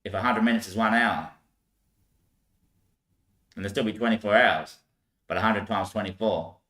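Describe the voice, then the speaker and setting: A man's voice: on the low side, steady tone, normal speed, bright, forceful tone. Rambling man in an echoey room. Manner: rambling, laughs often, swears. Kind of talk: rambling monologue.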